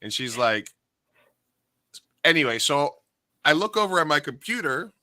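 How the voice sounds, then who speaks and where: Animated storytelling man, bright voice. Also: on the high side, moderate pace, no room sound. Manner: animated, swears freely, acts out quotes. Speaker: podcast co-host, karaoke host. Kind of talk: casual storytelling chat.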